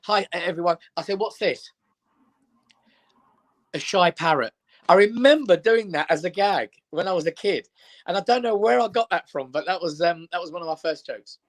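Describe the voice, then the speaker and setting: High-pitched and brisk, this middle-aged comedian from England tells lively stories as a guest in casual chat. He acts out each person, putting on their quoted voices.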